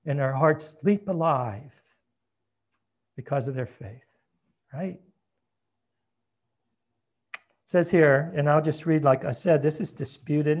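A man preaching a sermon in a conversational way, reading scripture aloud and dropping to a soft, hushed voice at tender moments. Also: a little high. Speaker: pastor.

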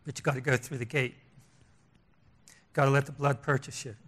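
An older man preaching a sermon, emphatic and repetitive, swinging between loud stresses and hushed lines. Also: medium pitch, little pitch movement, a little fast.

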